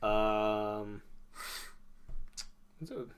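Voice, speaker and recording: A man's voice: fairly low pitch, extremely slow, a crowd in the background. A young man co-hosting a casual podcast with friends, rambling through stories with lots of "like" and "um". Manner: rambling, animated storyteller full of "like" and "um". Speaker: podcast co-host. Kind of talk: casual chat.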